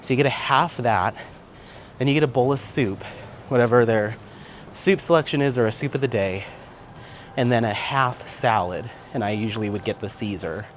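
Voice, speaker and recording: A man's voice: mid-range voice, normal speed. Chatty man vlogging on a walk. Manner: chatty, laughing often, reads viewer comments aloud. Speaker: vlog host. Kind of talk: casual chat while walking. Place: outdoors on town streets. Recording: street noise, outdoor recording. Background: faint street and traffic sounds.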